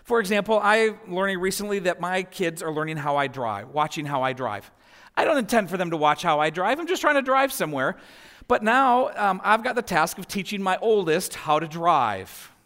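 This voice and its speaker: A man's voice: high-pitched, animated, moderate pace, pushed and bright. A man in his forties preaching a sermon as pastor, telling family stories and letting his voice climb as they build. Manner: storytelling, voice rising in anecdotes. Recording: long hall reverb.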